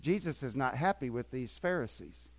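An older man preaching a sermon as pastor, swinging between quiet asides and emphatic, repetitive points. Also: medium pitch, animated, moderate pace.

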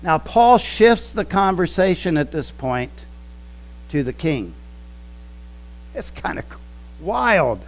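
A man preaching a sermon, teaching slowly and emphatically, quoting scripture and explaining original-language words. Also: a little high, very animated, poor audio. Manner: slow, emphatic teaching with quoted scripture and word studies. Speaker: pastor.

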